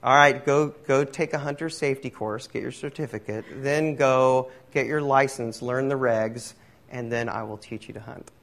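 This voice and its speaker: A man's voice: medium pitch, fairly even intonation, normal speed, fairly bright tone, close to an everyday voice. A man doing a firm, practical hunter friend. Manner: firm and matter-of-fact.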